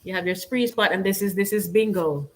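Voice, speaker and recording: A woman's voice: medium pitch, fairly quick. A woman from Jamaica with a Jamaican accent, hosting a casual live stream and chatting loosely, with many "you know"s and "like"s. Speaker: channel host.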